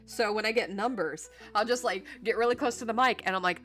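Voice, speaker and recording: A young woman streaming live, chatting casually with her viewers and reading their messages, rambling with fillers and quick laughs. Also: medium pitch, a bit bright, soft background music. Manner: rambling, lots of fillers and restarts, laughs easily.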